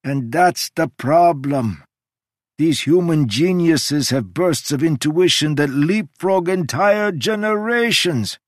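A man voicing an ancient male god who lectures in a sweeping, emphatic way, with sudden jumps in pitch. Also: slow pace, dry recording, studio quality. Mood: lecturing. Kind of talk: audiobook character reading.

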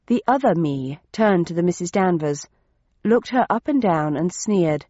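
A woman's voice: on the low side, expressive, moderate pace, dark tone, dry recording. Brief: woman audiobook narrator, wry, close studio mic, slightly dull sound. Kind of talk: first-person novel narration.

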